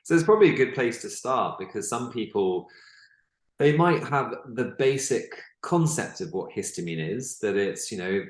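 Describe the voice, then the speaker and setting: A man's voice: medium pitch, animated, normal speed. A male host asking a guest questions in an interview chat, with brief encouraging interjections. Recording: echoey room.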